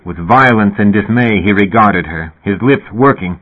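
A man narrating an audiobook in a slow, deliberate way. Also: lowish voice. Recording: tinny phone-like sound.

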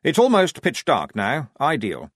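A man voicing a fussy, prim young army officer who talks in a brisk, precise, self-satisfied way. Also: medium pitch, wildly swooping pitch, no echo, clean studio sound, voice pushed up. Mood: crisp. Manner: brisk, precise, pleased with himself.

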